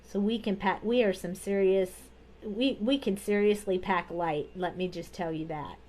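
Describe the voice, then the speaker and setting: A woman's voice: mid-range voice, normal speed, dark tone. A woman hosting a live card-making tutorial, chatting casually as she talks through each coloring step at her craft desk.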